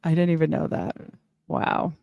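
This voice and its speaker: A middle-aged woman giving a personal testimony as a guest, rambling and animated, with laughs and asides. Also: low-pitched, moderate pace, gravelly, dry recording, dull audio.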